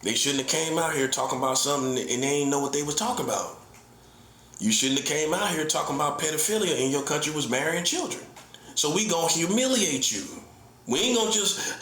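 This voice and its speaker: Middle-aged guy ranting like a preacher, combative and repetitive, kinda high voice, roomy echo. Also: animated, fairly quick, a bit bright. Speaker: self-styled prophet. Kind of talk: heated online monologue. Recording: echoey room.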